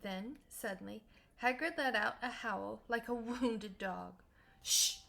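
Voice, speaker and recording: A woman teacher reading a novel aloud for students, slowly and carefully, with small slips now and then. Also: on the high side, gravelly, fairly bright tone.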